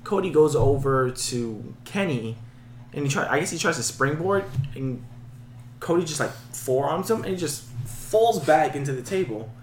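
A man's voice: a little high, animated, normal speed. A man co-hosting a casual wrestling chat, joking and stumbling over names as he talks. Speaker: podcast co-host.

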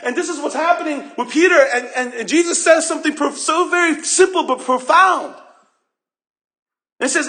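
High-voiced man preaching in an echoey room. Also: moderate pace. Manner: expressive, acts out voices and questions. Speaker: pastor. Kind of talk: sermon. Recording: roomy echo.

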